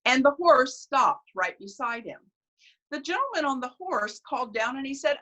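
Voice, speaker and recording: A woman storyteller with a bright, ringing voice. Her pitch rises and falls widely as she tells family tales and folk tales expressively. She narrates with lively energy. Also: normal speed. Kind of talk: storytelling performance.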